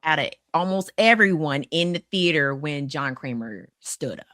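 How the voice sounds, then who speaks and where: Animated woman with a lowish voice. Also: moderate pace, dry recording, clean studio sound. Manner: animated, restarts often, acts out quotes. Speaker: podcast co-host. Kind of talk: casual horror film discussion.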